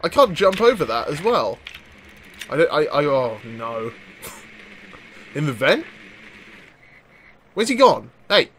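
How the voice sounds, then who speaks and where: Excitable man narrating his gameplay. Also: on the high side, slow pace, long pauses, a little hiss or hum. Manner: chatty, excitable, laughs and swears often. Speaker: gaming video host. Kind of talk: live gameplay commentary.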